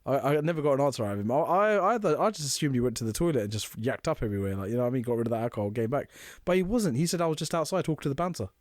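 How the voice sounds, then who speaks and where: A man co-hosting a podcast, telling animated stories and laughing often. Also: medium pitch, very fast, hardly any pauses, dry recording, studio quality. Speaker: podcast co-host. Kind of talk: casual chat.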